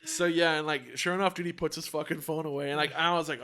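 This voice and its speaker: A man's voice: on the high side, fast talker, hardly any pauses. An American man co-hosting a podcast, telling a story in casual chat with lots of swearing. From United States. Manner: profane, animated storyteller. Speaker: podcast co-host.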